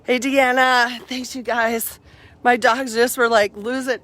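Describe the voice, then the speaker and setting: A middle-aged woman livestreams casually from outdoors around her house and yard, upbeat and rambling and a little breathless. She speaks at a measured pace in a level, fairly bright voice on the high side.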